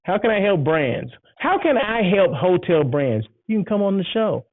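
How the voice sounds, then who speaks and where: A man's voice: sits high, sing-song, normal speed, no room sound. A man hosting his own show, chatting casually and enthusiastically, rambling and repeating himself. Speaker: show host. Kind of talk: casual solo show chat. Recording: tinny phone-like sound.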